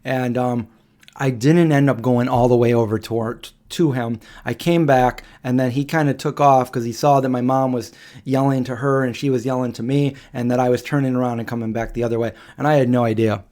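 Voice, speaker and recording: A man in his forties hosts a casual late-night live stream and tells a story in an unhurried, halting way, circling back, restarting phrases and filling pauses with ums. His plain, steady mid-range voice is a little mellow.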